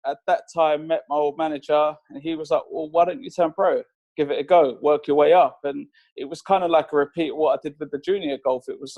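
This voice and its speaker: A man's voice: fairly high pitch, creaky, darkish tone. A young man from England, a golfer guest on a podcast, telling stories in a laid-back way and chuckling often. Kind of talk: casual podcast chat.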